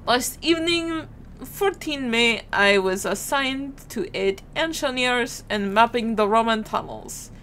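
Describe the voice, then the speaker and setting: A woman voicing a haunted male French soldier reading his formal report aloud in a mock French accent, in a stilted, halting way. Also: on the high side, expressive, a bit bright, a little hiss or hum.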